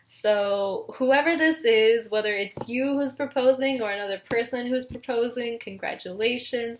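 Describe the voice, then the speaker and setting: A woman's voice: fairly high pitch, normal speed, few pauses, background noise. A young woman reading tarot cards in a casual vlog, emotional and giggly, with many fillers. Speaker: tarot reader.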